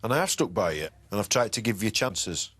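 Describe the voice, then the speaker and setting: A man, a head teacher speaking in a firm, measured way. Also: on the low side, lively intonation, a bit bright, breathy edge. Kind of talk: documentary interview and meeting.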